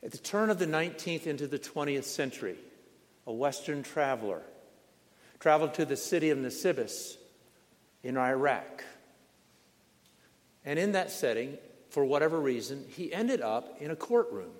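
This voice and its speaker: A male preacher telling a sermon story in a slow, dramatic manner, leaning on repetition. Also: on the high side. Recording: long reverb in a large hall.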